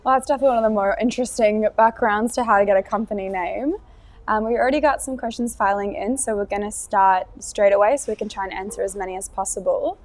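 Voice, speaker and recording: A woman's voice: medium pitch, fairly even intonation, fast talker. A woman hosting a live gardening Q&A, upbeat and friendly, reading out viewer questions with frequent fillers. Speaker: host.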